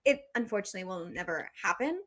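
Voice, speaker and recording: A woman's voice: medium pitch, big pitch swings, fast, fairly bright tone. A young woman hosting a podcast, chatting and wrapping up the episode in a bubbly, gushing, playful way. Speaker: podcast host. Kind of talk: casual podcast chat and outro.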